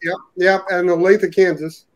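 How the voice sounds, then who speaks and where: A man's voice: sits high, level tone, normal speed. A man dropping in as a guest at a casual bar chat, laid-back with brief replies. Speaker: guest, regular customer.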